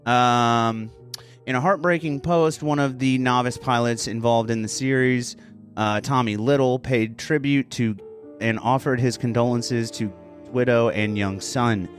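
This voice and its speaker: A man's voice: mid-range voice, fairly even intonation, unhurried, faint music behind. A man co-hosting a casual podcast, reading news items aloud, joking and swearing as he goes. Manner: laughs often, swears, breaks into a joking accent. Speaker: podcast co-host.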